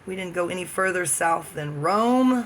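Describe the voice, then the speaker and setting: A man's voice: high-pitched, animated, unhurried, fairly bright tone, a little hiss or hum. A man talking alone to the camera in a rambling, profane monologue that jumps from topic to topic. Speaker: vlogger.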